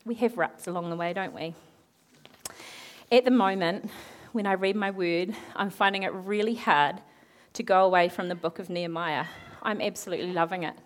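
A woman preaching a sermon, retelling a Bible story in a lively way, acting out the characters' lines and asking her listeners questions. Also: lowish voice, normal speed. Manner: animated, acts out quoted characters, asks the audience questions.

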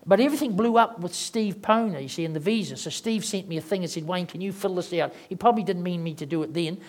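A man's voice: high-pitched, expressive, fast. A middle-aged man preaching a sermon as pastor, talking in a conversational way and acting out the voices of people he quotes.

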